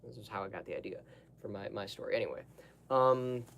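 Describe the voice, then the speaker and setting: A man's voice: lowish voice, fairly quick, fairly bright tone, slight background noise. A young man talking casually to the camera, rambling through digressions with lots of fillers and asides. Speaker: vlogger.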